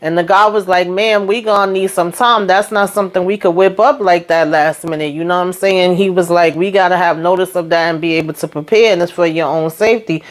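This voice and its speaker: A woman with a slightly low voice recaps a TV drama in a chatty, casual way. She acts out the characters' lines in quick quoted voices and keeps breaking off for her own asides. A slight cold sits in her voice. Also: steady tone. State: coming down with a cold. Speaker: TV recap host.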